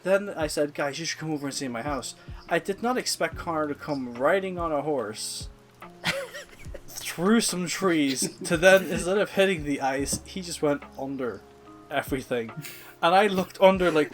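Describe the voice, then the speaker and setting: Young man telling animated gaming stories. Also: fairly high pitch, moderate pace, soft background music. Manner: animated storyteller who acts out quoted lines. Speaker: podcast co-host. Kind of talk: casual chat.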